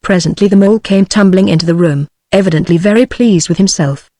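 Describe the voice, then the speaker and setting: A text-to-speech woman's voice with a British accent, reading a storybook aloud in an even, measured way. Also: medium pitch, dry recording. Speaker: audiobook narrator. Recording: dry synthetic voice.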